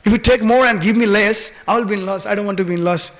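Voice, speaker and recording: A man's voice: sits high, quick pace, fairly bright tone. A man voicing a mischievous, bossy little cowherd boy god who haggles playfully. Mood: playful haggling. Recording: reverberant temple hall.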